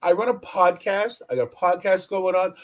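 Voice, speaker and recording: A man hosting a podcast, telling a story in casual chat, profane and animated, acting out what others said. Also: moderate pace, low-quality recording. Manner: animated, profane, acts out quotes with big pitch swings. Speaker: podcast host.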